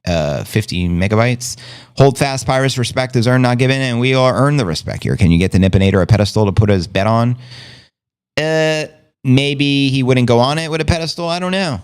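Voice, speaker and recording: A male livestream host with a mid-range voice whose pitch swings up and down freely. He talks in a brash, playful, profane way, tossing out homemade slang in casual chat with his viewers. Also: clear, resonant tone. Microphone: streaming setup.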